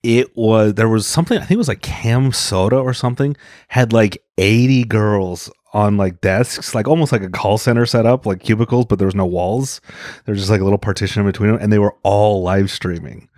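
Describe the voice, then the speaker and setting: Blunt, animated male comedian, dry sound. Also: fairly low pitch, fairly quick, dry recording. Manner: animated storyteller, blunt, acts out other people's voices. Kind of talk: casual podcast chat.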